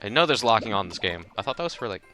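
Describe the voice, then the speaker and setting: A man's voice: fairly low pitch, very animated, rapid-fire, music in the background. A man hosting a let's play, giving casual, chatty and self-mocking commentary as he plays.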